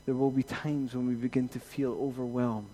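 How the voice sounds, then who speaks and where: A man preaching a sermon as pastor, rising to emphatic peaks and then dropping to quiet reassurance. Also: mid-range voice, little pitch movement, normal speed, a little hiss or hum.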